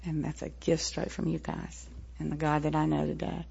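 Gravelly Southern woman sharing her story. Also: low-pitched, level tone, normal speed, darkish tone. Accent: Southern American. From American South, Tennessee-Mississippi line. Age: 40s. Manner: frank, plainspoken, with fillers and wry laughs. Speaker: recovery meeting speaker. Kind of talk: personal testimony. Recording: dull lo-fi recording.

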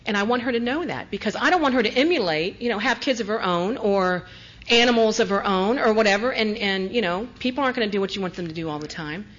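A woman speaks in an earnest, confessional way, telling her own story of recovery. Her voice sits at a medium pitch and often drops soft and low in tender moments. The recording is dull and lo-fi. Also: lively intonation, fast. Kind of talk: personal testimony.

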